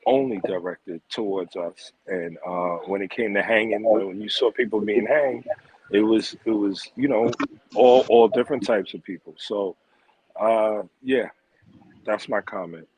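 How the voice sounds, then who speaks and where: Male panel guest, low voice, halting delivery full of fillers. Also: a little mellow, slight background noise, low-quality recording. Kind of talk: panel discussion.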